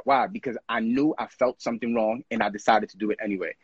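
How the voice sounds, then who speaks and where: A man's voice: medium pitch, a little fast, few pauses, breathy edge, dry recording, dull audio. A man talking casually and earnestly in a podcast conversation, reflecting on friendship and feelings and acting out what others say. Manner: earnest, reflective, acts out quoted voices.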